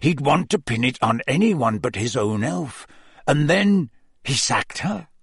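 A man voicing a grim, brooding adult wizard in a storybook reading, speaking low, slow and bitter. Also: sing-song, creaky, breathy edge, no room sound, clean studio sound, full character voice.

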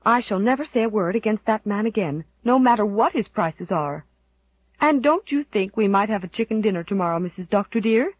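A woman's voice: mid-range voice, animated, brisk, husky, no room sound, highs cut off. A woman voicing a fussy, devoted older housekeeper who talks eagerly and bustles through her words, for an audiobook. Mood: brisk. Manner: eager, bustling, repeats terms of address.

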